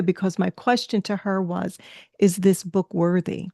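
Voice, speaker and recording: A woman's voice: lowish voice, flat delivery, unhurried, gravelly, warm tone, no echo, clean studio sound. A woman hosting a podcast interview, talking in an effusive, encouraging way and sharing a personal story. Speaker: podcast host.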